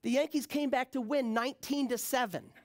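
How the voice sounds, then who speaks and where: A man's voice: extremely high pitch, brisk, some chatter behind, a little hiss or hum. A man giving a conference talk, telling a personal story casually and acting out the people in it. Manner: animated, acts out the people in his stories; casual, slangy. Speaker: keynote speaker.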